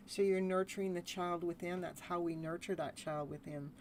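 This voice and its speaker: A woman's voice: lowish voice, steady tone, moderate pace, hardly any pauses, a little hiss or hum. A woman giving a live tarot reading, chatty and laughing often as she talks. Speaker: tarot reader.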